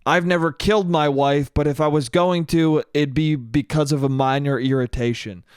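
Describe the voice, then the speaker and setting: A man's voice: a little high, steady tone, moderate pace, smooth, dry recording, studio quality. A man hosting a solo podcast, telling comic stories and acting out quoted voices, swearing casually. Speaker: podcast host. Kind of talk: solo comedic monologue.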